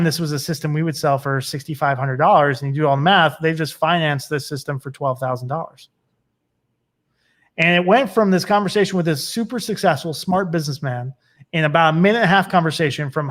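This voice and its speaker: A man's voice: fairly high pitch, a little fast, a bit bright. A man being interviewed as a business consultant. He talks emphatically in a casual style, tells stories that build to a point, and keeps checking in with "right?". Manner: storytelling, builds up to punchlines.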